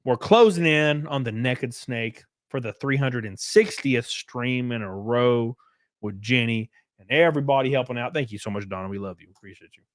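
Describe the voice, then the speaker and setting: A man's voice: medium pitch, normal speed, no room sound, clean studio sound. A young man chatting casually on a live stream, thanking viewers for donations in a loose, rambling way. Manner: loose, chatty, mumbles and hums while reading.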